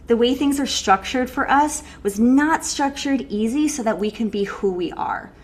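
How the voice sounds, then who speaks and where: Casual, animated woman coach with a higher voice, leading a live workshop. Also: moderate pace. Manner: animated, casual, swears, laughs often. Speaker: breathwork coach. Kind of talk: live online workshop talk.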